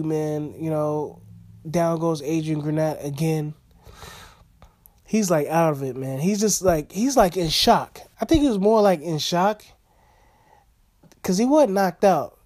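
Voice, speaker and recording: A man's voice: a little high, dark tone. A man casually recapping a boxing fight in rambling, slangy talk full of fillers and chuckles.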